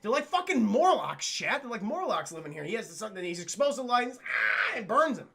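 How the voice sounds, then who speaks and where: A man casually recapping a cartoon episode for his live chat, animated, profane and laughing often. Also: high-pitched, fast talker, creaky.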